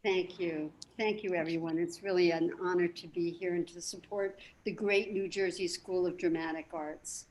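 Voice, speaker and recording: A woman guest performer chatting softly and graciously over a video call. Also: fairly low pitch, steady tone, moderate pace, hardly any pauses. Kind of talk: casual chat.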